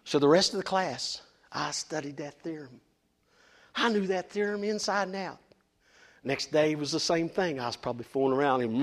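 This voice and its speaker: A middle-aged man preaches with fervent emphasis. He sometimes stumbles and restarts. His voice sits high for a man. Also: normal speed. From West Virginia, USA. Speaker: lay preacher. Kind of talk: sermon.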